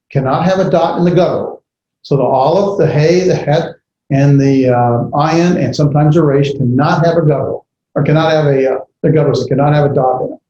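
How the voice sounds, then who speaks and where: A man lecturing a class, talking in a halting way with many fillers and restarts as he sounds out letters slowly. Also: fairly high pitch, mellow. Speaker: Bible language teacher. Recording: roomy, dull lo-fi classroom recording with faint hiss.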